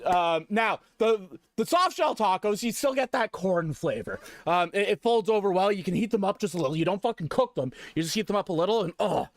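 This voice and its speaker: A man streaming live, chatting casually with viewers in a profane, rambling, jokey way, now and then breaking into loud mock rants. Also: high voice, lively intonation, a little fast, few pauses, no echo.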